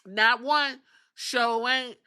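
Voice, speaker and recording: A woman hosting a wrestling review podcast, chatting casually in an animated, profane way and laughing often. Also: on the high side, drawn-out words, clean tone. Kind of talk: casual chat.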